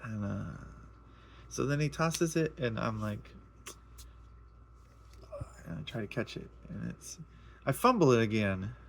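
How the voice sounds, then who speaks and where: A man's voice: mid-range voice, animated, measured pace, vocal fry, long pauses, a little hiss or hum. A man casually sharing a personal testimony, earnest and emotional, rambling and repeating himself as he tells it.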